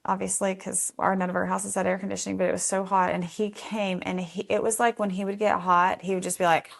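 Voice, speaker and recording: A woman with a middle-pitched voice tells stories from her foster home in a relaxed conversational way. She acts out what others said with sudden high jumps in pitch. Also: fairly quick, creaky. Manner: animated, acts out quotes with big pitch jumps. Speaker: foster home founder telling her story. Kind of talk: casual conversational storytelling.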